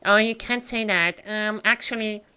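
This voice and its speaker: Man mocking a prim nitpicking scold, high whiny voice, bright and tense, smooth tone. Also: steady tone, unhurried, full character voice. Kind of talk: mocking impression during a live stream.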